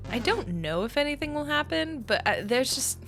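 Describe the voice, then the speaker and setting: A woman's voice: high voice, big pitch swings, normal speed, a bit bright. A woman playing through a video game, thinking aloud as she rambles and laughs lightly between her plans. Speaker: gaming video host. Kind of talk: casual let's-play commentary. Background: game music.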